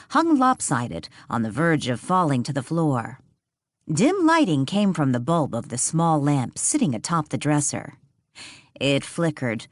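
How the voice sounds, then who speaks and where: A woman reading a mystery audiobook as narrator, in a measured, suspenseful way. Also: deep voice, dry recording, clean studio sound. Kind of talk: storybook narration.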